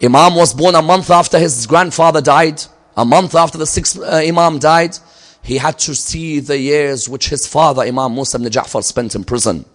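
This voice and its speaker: A man giving a religious lecture, telling a story and swinging from loud emphatic peaks to low, quiet asides. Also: normal speed. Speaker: Islamic lecturer.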